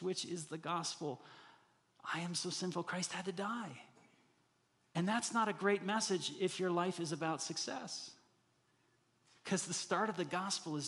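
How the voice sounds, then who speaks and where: A man's voice: on the high side, fairly bright tone, big-room sound. A middle-aged man preaching a sermon earnestly, building to emphatic peaks and acting out the inner voices he describes. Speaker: pastor.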